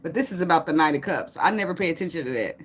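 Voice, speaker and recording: A woman's voice: sits low, lively intonation, rapid-fire, slightly rough. A woman giving a casual tarot reading, cursing, joking and laughing between cards. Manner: loud, laughing, profane, joking asides. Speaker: tarot reader.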